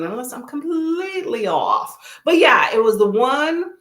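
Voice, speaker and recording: A woman's voice: high-pitched, big pitch swings, measured pace, a bit bright, echoey room. A woman from Texas with a Texan accent, hosting a casual livestream, chatting folksily and reading out viewers' messages. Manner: chatty, folksy, says y'all, reads chat aloud. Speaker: livestream host. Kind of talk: casual chat with live chat readers.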